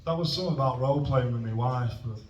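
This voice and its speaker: A man's voice: medium pitch, fast talker, dull audio, a little hiss or hum. A young man doing a rambling, awkward, self-deprecating stand-up set at an open mic in a comedy club. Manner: self-deprecating, awkward, trailing off mid-joke. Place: comedy club stage with audience. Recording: roomy venue sound from a distant mic.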